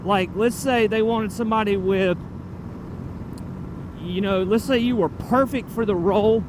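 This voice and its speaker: A man's voice: sits high, unhurried. A man casually rambling to his viewers while riding a motorcycle through town, drifting off topic and swearing now and then. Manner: chatty, digressive, loose and profane. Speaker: motorcycle vlogger. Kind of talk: casual rambling vlog talk. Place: riding on a town road outdoors. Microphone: helmet-mounted camera mic. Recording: road and traffic noise outdoors.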